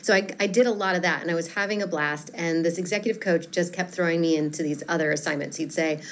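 A woman's voice: lowish voice, fast talker. A woman who coaches public speaking, talking enthusiastically and chattily in a podcast interview.

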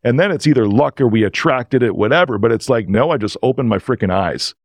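A man who is a podcast guest, telling stories in an earnest, emotional and animated way. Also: mid-range voice, fast talker, no echo, clean studio sound. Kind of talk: casual storytelling.

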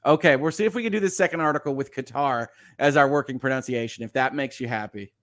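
A man's voice: mid-range voice, fast, a bit bright, dry recording, clean studio sound. A man hosting a live-streamed news show, commenting on stories and reading viewer chat, hesitant, with many restarts and frequent chuckles. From United States.

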